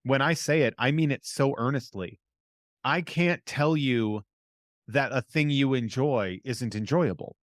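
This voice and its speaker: A man's voice: mid-range voice, unhurried, no room sound, studio quality. A man co-hosting a podcast in casual chat, blunt and opinionated, emphatically correcting the others. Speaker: podcast co-host.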